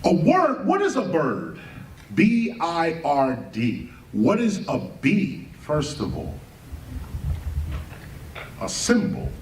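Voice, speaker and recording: A man's voice: a little high, huge pitch swings, slow, pauses often, a little hiss or hum. A man giving a spoken lecture, emphatic, firing off rhetorical questions and spelling words out letter by letter. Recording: roomy, distant mic, faint background ambience.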